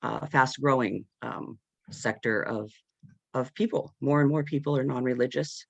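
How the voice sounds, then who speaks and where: A panel speaker in an unscripted discussion who talks earnestly and haltingly, searching for words with many fillers and nervous laughs, heard over a video call. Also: medium pitch, creaky, breathy edge, no echo.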